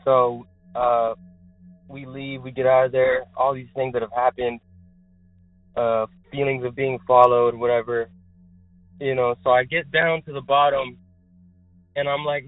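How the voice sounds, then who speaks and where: A young man calling in to tell a spooky story in a rambling, excited way, full of fillers. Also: mid-range voice, unhurried, long pauses, dry recording. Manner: excited, rambling, heavy use of filler words. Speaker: caller telling a paranormal experience. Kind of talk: casual storytelling. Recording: tinny phone line, dry, faint music.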